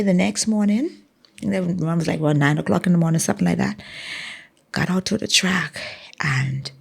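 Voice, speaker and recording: A Bahamian woman, a former track athlete, telling stories from her career in an interview, acting out the dialogue with animated energy. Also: fairly low pitch, creaky. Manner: animated storyteller, acts out dialogue. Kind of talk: storytelling in a sit-down interview.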